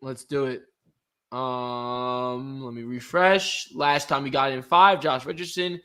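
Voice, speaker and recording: A young man co-hosting a casual sports podcast, excitable and quick to trash-talk, on a computer mic. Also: mid-range voice, smooth. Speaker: podcast co-host.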